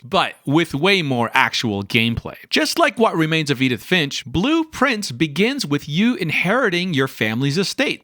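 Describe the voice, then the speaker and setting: A man's voice: a little high, fairly bright tone, no room sound, studio quality. A man hosting a gaming video, giving an upbeat, emphatic scripted game review.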